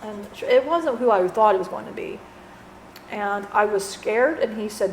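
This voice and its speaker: A woman channeling a departed friend, telling her story in an earnest, halting way with many restarts. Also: mid-range voice, expressive. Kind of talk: spiritual channeling testimony. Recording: roomy echo, faint background noise.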